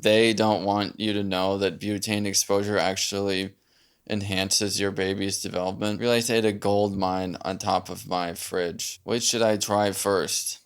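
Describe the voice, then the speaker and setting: A man's voice: lowish voice, smooth. A man reading online comments and posts aloud in casual commentary, with dry, sarcastic delivery.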